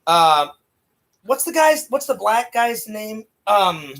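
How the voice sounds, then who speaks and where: A high-voiced man talks in an excitable rush about films. He gets loud and acts out lines as he retells scenes. He speaks into a home mic in a small room. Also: slow pace, a little hiss or hum. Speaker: co-host reviewing films. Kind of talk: casual chat.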